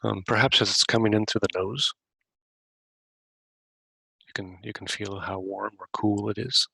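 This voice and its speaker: A man hosting a podcast, gently guiding a breathing meditation with unhurried questions to the listener. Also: on the low side, fairly even intonation, vocal fry, breathy edge, no room sound, low-quality recording. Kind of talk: guided meditation.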